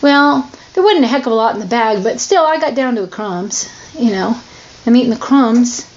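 A woman's voice: on the high side, lively intonation, normal speed, muffled recording. A woman giving an earnest, emotionally open personal testimony in a candid, confessional way. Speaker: person sharing her struggles.

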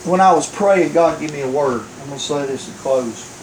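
High-voiced pastor in an echoey room. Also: male voice, moderate pace, a little hiss or hum. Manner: storytelling, acts out voices, chuckles often. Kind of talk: sermon.

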